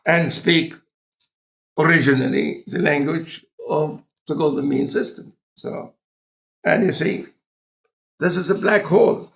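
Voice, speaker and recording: A man with an Egyptian accent and a non-native speaker of English, talking in a relaxed, conversational lecture style with deliberate, halting phrasing. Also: a little high, gravelly. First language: Arabic. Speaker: scientist in conversation.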